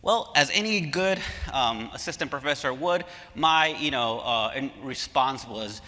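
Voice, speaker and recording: A man speaking as an academic at a conference, telling stories in an animated way and engaging the audience from a lecture hall stage. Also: mid-range voice, measured pace, few pauses. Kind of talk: conference talk. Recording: reverberant hall.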